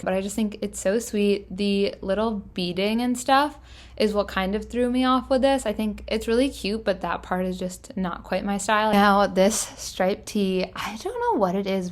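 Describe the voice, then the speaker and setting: A young woman casually narrating her thrift-shopping trip, chatty and enthusiastic, with plenty of filler words. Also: medium pitch. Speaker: fashion vlogger. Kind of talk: casual thrift-haul voice-over.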